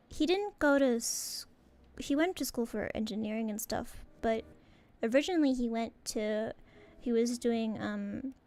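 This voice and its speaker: A woman with a fairly high voice playing a tabletop role-playing game, staying in character. She talks in a hesitant, rambling way, backing up and restarting as she thinks. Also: darkish tone, smooth. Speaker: player.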